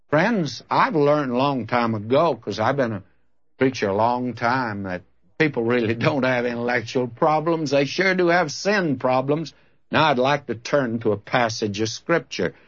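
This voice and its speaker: A man preaching a sermon, telling a story and acting out both sides of a conversation before reading scripture aloud. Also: medium pitch. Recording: dull lo-fi recording.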